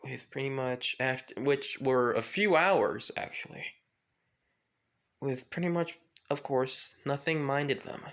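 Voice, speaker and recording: A man's voice: medium pitch, slow pace, a bit bright. A man casually narrating a fan story, rambling with lots of fillers and restarts.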